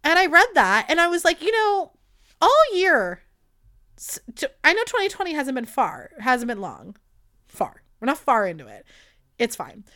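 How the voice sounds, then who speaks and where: Bright, clear-voiced young woman ranting. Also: high voice, moderate pace. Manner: animated, rambling, heavy swearing. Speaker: podcast host. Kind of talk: casual storytelling monologue.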